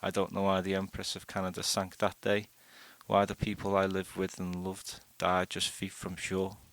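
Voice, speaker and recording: A man reading a first-person short story aloud in a steady, unhurried way. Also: low voice, vocal fry. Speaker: audiobook narrator.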